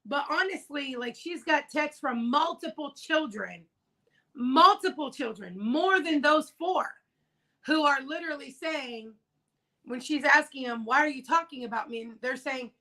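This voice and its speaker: This livestream host is a woman with a high, bright, forceful voice who speaks a little slowly over poor audio. In a casual discussion of a news case, she drives her points home emphatically and repeats them.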